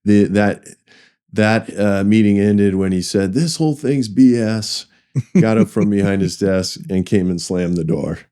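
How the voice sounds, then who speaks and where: A man's voice: low voice, fairly even intonation, measured pace, mellow, smooth. A middle-aged man, a finance executive, telling career stories in an interview, rambling with restarts and acting out quoted dialogue. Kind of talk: conversational interview storytelling.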